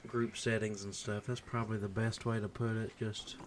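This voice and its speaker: A man's voice: fairly low pitch, little pitch movement, moderate pace, slight background noise. A man with a Southern US accent, a guest chatting easily and self-deprecatingly on a podcast. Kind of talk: casual chat.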